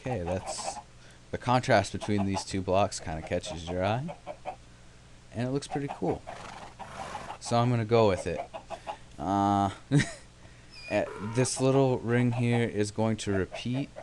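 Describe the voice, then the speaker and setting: Low-voiced man rambling over gameplay. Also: background noise. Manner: rambling, self-mocking, sarcastic asides. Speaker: let's play host. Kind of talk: casual gameplay commentary.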